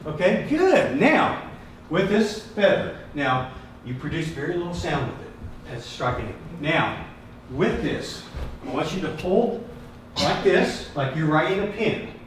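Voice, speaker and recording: Man, workshop leader, lively pitch and a slightly high voice, encouraging and patient with a group, caught on a distant mic in an echoey, noisy room. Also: unhurried. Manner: encouraging, asks the group questions, repeats praise. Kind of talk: hands-on group music lesson. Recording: echoey room from far off, background noise.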